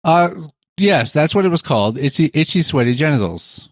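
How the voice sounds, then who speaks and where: A man's voice: a little high, animated, moderate pace, dry recording. A man co-hosting a casual podcast, agreeing along and adding wry jokes. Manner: wry, agreeable, joking asides. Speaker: podcast co-host. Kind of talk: casual chat.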